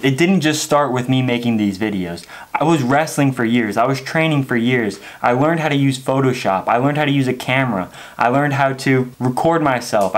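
A young man talking to camera in a casual vlog rant, telling stories with lots of "like" and "okay?". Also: mid-range voice. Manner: animated storytelling, frequent "like" and "okay?". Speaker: wrestling vlogger.

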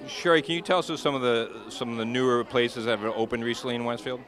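A man's voice: medium pitch, steady tone, fast, over music. A man interviewing people at a downtown event, friendly and joking. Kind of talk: street interview. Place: outdoors downtown at night.

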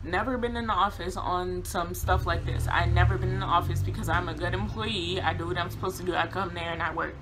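A young woman vlogger telling a casual storytime, animated, laughing often and acting out quotes. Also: on the low side, a little fast, few pauses, over music.

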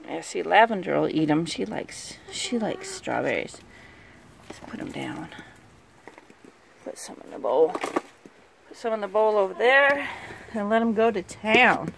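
A middle-aged woman with a mid-range, creaky voice chats animatedly but a bit slowly, with long pauses, while filming her backyard chickens on a handheld phone outdoors. She laughs often and coos at the hens in a sing-song voice. Background noise includes faint clucking.

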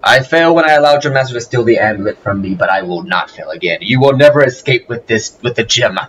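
A man's voice: mid-range voice, lively intonation, fast talker, a bit bright, lightly acted. A man voicing a proud stone guardian creature in a video game who speaks in stern, solemn declarations.

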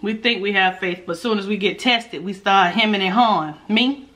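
A woman's voice: medium pitch, normal speed, a bit bright. A woman vlogger in casual mukbang chat while eating, talking straight to her viewers with playful asides and hums. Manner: chatty, talks straight to viewers as y'all. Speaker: food vlogger.

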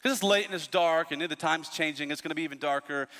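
A man in his thirties preaches from the pulpit, his voice high and bright. He tells stories in an animated way with playful asides. The sound carries a long reverb from a large church hall. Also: quick pace. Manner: animated storytelling, lively asides. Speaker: pastor. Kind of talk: sermon.

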